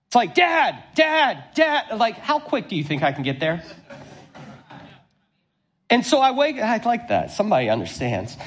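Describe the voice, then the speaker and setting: A pastor in his thirties preaching a sermon, telling a funny story from family life and reading scripture with animated, self-deprecating humor. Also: sits high.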